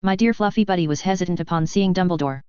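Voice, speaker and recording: Casting: woman narrator for first-person story, playful, low smooth voice, dry close sound. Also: fast, darkish tone, no echo. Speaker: audiobook narrator. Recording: dull dry lo-fi audio.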